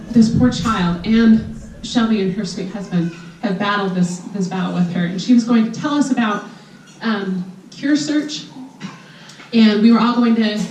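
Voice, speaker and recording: A woman's voice: medium pitch, darkish tone, a little hiss or hum. A woman in her thirties making chatty, emotional announcements to her class reunion, rambling as she goes, recorded from far off in a hall. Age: 30s. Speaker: reunion organizer. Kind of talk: informal announcements to a crowd.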